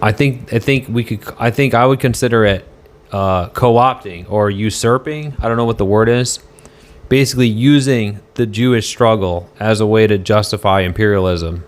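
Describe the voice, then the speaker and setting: A man's voice: lowish voice, moderate pace. A man on a casual live stream, answering chat in a rambling, argumentative way and swearing now and then.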